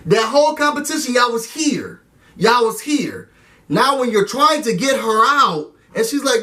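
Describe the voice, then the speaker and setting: A high-pitched man recapping a TV show in a lively, conversational way, often turning to speak straight to his audience. He sounds somewhat distant from the microphone. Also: measured pace. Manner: animated, talks straight to viewers. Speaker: TV recap vlogger. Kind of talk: casual recap and review.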